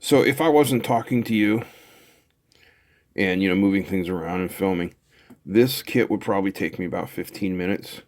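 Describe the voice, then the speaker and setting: A man's voice: low-pitched, moderate pace, a little mellow. A middle-aged man casually talking through a kit build as he solders, chatty and thinking aloud. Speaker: electronics hobbyist host.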